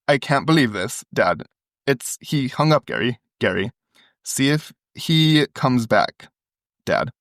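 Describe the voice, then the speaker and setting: A man's voice: medium pitch, lively intonation, slow pace, fairly bright tone, dry recording, studio quality. A man co-hosting a podcast, reading a phone call transcript aloud and acting out the quoted lines. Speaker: podcast co-host.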